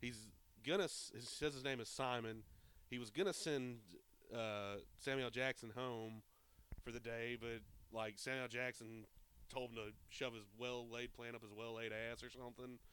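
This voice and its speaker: A man co-hosting a casual movie podcast, retelling scenes in a profane, animated way. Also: medium pitch, normal speed, clear, resonant tone. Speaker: podcast co-host.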